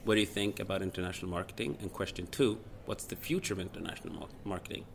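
A man's voice: low-pitched, rapid-fire, gravelly, a little hiss or hum. A man whose first language is Swedish, a radio presenter and podcast guest, telling stories animatedly and acting out quotes. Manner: animated storyteller, acts out quotes. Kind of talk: casual interview chat.

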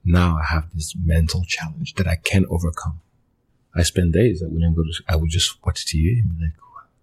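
A man, a guest in an interview, telling his life story in earnest, halting fragments with many restarts. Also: sits low, fairly even intonation, slightly rough. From Mali. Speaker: interview guest, former pro soccer player. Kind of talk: personal storytelling in a conversational interview.

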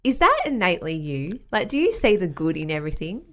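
A woman's voice: lowish voice, big pitch swings, fast, a bit bright. A woman hosting a podcast, asking reflective questions in a casual interview. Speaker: podcast host.

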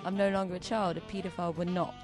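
A young woman guest on a comedy radio show, telling a story in a cheeky deadpan way. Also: on the low side, quick pace, over music. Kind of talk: casual comedic chat.

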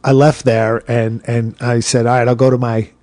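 A man, a podcast guest telling a story in a lively way, acting out the voices of people he quotes. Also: mid-range voice, normal speed, no room sound. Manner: animated, acts out quoted voices, swears freely. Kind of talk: casual storytelling.

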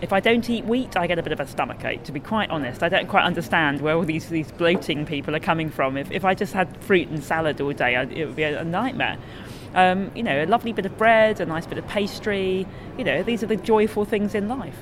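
A woman's voice: on the low side, lively intonation, brisk, noisy background. A British woman who writes about food, chatting as a podcast guest in an enthusiastic, wry manner. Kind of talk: casual interview conversation.

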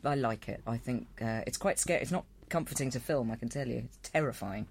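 A woman's voice: very deep voice, a little fast, a crowd in the background. Chatty, wry actress guest, a woman. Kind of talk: casual comedy chat.

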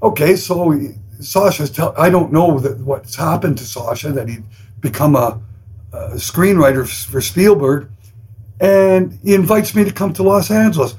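A man's voice: fairly high pitch, moderate pace, slightly rough, low-quality recording. A man, a rock musician telling stories as a guest in an interview, acting out other people's lines and swearing freely. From Canada. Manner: animated storyteller who acts out quotes in different voices and swears freely. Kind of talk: storytelling in a podcast interview.

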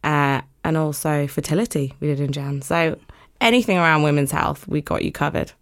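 A woman's voice: low-pitched, moderate pace. A young woman guest on a podcast, chatting casually and upbeat about her company, laughing now and then. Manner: upbeat, laughs often, many fillers. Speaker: podcast guest, condom brand co-founder. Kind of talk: casual interview chat.

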